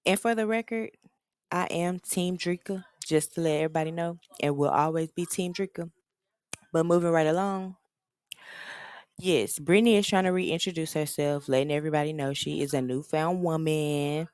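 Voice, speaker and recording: A woman's voice: low-pitched, normal speed, clean tone, dry recording, studio quality. A woman recapping a reality TV show in a casual, slangy, gossipy way. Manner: slangy, gossipy, animated storytelling.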